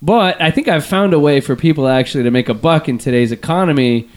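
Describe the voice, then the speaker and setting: Guy in his 30s hosting a comedy podcast, kinda high voice, jokey. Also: quick pace. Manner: joking, laughs while talking. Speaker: podcast host. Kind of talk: casual comedy podcast banter.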